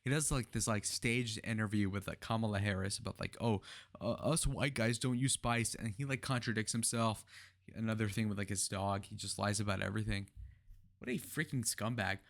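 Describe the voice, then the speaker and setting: A man's voice: lowish voice, brisk, vocal fry, a bit bright. A young man reacting to a political interview, talking heatedly and sarcastically with profane outbursts. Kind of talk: reaction commentary.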